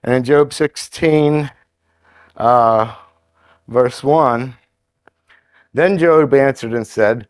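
A man's voice: mid-range voice, drawn-out words, pauses often, no echo. Conversational preacher man, very dry sound. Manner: conversational, hesitant with fillers and restarts; reads scripture aloud in a steadier cadence. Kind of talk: sermon.

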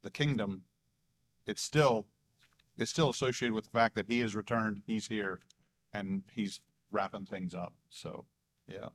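A man's voice: on the low side, unhurried, long pauses. A man leading a casual church group discussion about a statement of belief, talking hesitantly with many restarts and small chuckles.

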